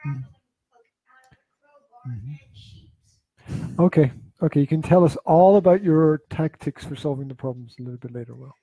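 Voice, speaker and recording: A man hosting a casual parenting podcast, talking slowly and haltingly with dry teasing. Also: a little high, dark tone, breathy edge, dry recording, rough recording. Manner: slow, halting, repeats words, dry teasing. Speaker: podcast host. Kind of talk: casual chat.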